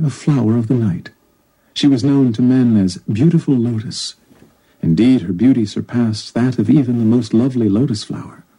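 Calm man with a dark, husky voice. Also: on the low side, low-quality recording. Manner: calm, measured storytelling. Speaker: narrator. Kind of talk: scripted audiobook narration.

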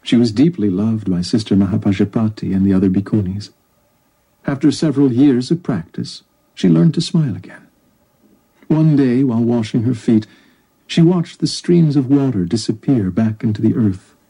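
A man reads a story aloud in a calm, measured narration. His voice is very dark and mellow, with a husky grain. He sits at a middle pitch. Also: poor audio. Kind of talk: scripted audiobook narration.

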